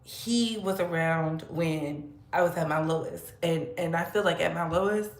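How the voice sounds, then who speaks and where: A woman hosts a casual livestream for her commentary channel, speaking at a moderate pace in a reverberant recording. She's sassy and laughs often, her pitch swinging animatedly.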